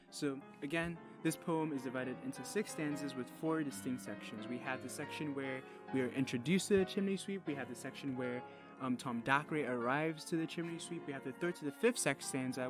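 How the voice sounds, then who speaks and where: Young male student presenter, mid-pitched, earnest; reads verse, then walks through the analysis; faint guitar bed. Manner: earnest, explanatory, with loose fillers. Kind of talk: poem recital and literary analysis.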